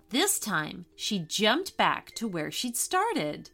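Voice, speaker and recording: Slow, expressive woman storyteller. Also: medium pitch, husky, soft background music. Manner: gentle, slow and expressive reading. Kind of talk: scripted children's story narration.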